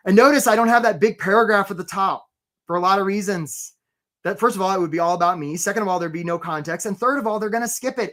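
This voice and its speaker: Energetic man coaching a live webinar. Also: high-pitched. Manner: energetic and conversational, keeps asking "right?". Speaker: career coach hosting a webinar.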